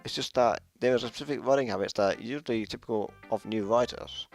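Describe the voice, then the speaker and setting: A man reading a visual novel aloud, voicing a shy, bookish teenage girl in a measured, explanatory way. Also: medium pitch, soft background music, close to an everyday voice. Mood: thoughtful. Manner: measured, explanatory, slips into an odd accent. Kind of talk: reading video game dialogue aloud.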